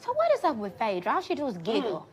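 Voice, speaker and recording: A woman's voice: a little high, huge pitch swings, quick pace, noisy background. A woman cast member speaking bluntly and confidently in a reality TV confessional. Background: music.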